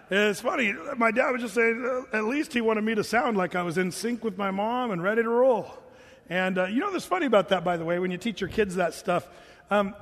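A man with a high voice preaches a sermon in a conversational way. He reads scripture and stops to put questions to his listeners. His voice rings with the long reverb of a large hall. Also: fairly bright tone. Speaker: pastor. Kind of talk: sermon, reading and explaining scripture.

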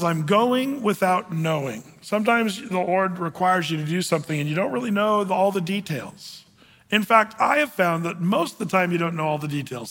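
A man preaching a conversational sermon, with many fillers and slow scripture readings. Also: sits high, fairly bright tone, in a large hall. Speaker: pastor.

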